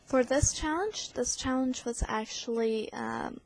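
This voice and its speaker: A woman's voice: high voice, a little slow, slight background noise, rough recording. A young adult woman vlogging, chatting in a rambling way with many fillers and reading a poem aloud. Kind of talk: casual vlog chat and poetry reading.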